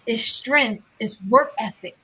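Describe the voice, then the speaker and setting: A woman's voice: a little high, slow, slight background noise. A woman from New Jersey, a guest artist in a casual interview, telling stories with energy and acting out the voices of the people in them. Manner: animated storyteller acting out quoted voices.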